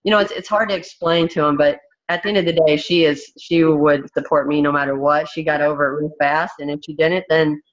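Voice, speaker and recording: A woman's voice: sits low, fairly even intonation, a little fast, hardly any pauses. A woman in her thirties, a fighter as interview guest, talking candidly in a blunt, emphatic way with many restarts. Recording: dull, muffled recording.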